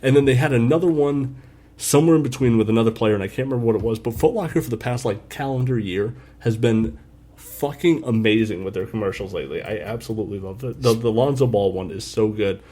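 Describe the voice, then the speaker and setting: A man's voice: mid-range voice, fast, warm tone. A laid-back man hosting a sports podcast among friends. He talks loosely and casually, dropping curse words and easy laughs as he banters and wraps up the show. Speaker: podcast host.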